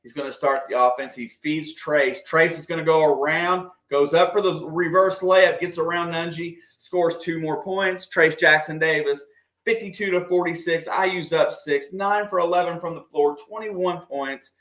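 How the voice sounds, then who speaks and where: A man doing casual, partisan play-by-play of a basketball game for a livestream, excitable and quick to react to the officials. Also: on the high side. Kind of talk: fan play-by-play commentary. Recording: echoey room.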